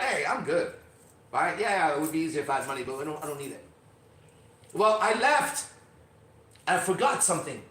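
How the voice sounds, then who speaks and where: A middle-aged man telling a personal story on a podcast, emphatic and profane, swinging from quiet to loud. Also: medium pitch, recorded from a distance, a little hiss or hum. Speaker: podcast host. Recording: roomy echo, off-mic.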